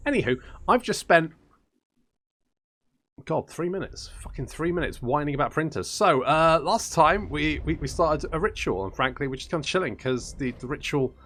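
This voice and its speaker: A man's voice: on the high side, animated, normal speed, a bit bright. Sweary man ranting over a game. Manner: ranting, sweary, exasperated, self-mocking. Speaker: gaming YouTuber. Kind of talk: casual gameplay commentary. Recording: faint game music behind.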